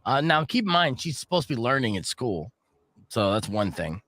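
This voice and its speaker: A man in his thirties chats on a morning rock radio show, his pitch swinging up and down as he tells stories about his kid. He swears freely and keeps it loose, recorded dry and close on a studio mic. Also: moderate pace, dry recording. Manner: animated storytelling, swearing. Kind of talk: casual morning radio banter. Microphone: studio microphone.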